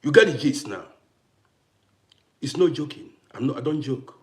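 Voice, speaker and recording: A man's voice: medium pitch, lively intonation, moderate pace. A man with grown children, ranting to camera on his vlog in an emphatic, repetitive, challenging way. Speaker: vlogger. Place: living in Austria.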